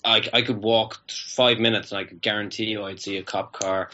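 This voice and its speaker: A man's voice: fairly low pitch, little pitch movement, moderate pace, sharp tone. An Irish man, a comedian guest on a radio interview, telling stories in a joking, incredulous way. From Ireland. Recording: dull lo-fi radio audio.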